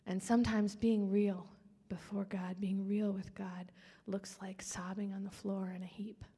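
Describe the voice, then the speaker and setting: A woman sharing a personal testimony. She speaks earnestly and often drops to a hushed whisper. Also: medium pitch, flat delivery, measured pace, slightly rough, long reverb tail.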